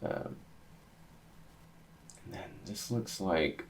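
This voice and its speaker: A young man reading a manga chapter aloud, thinking out loud and getting excited as he reacts to each panel. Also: extremely slow.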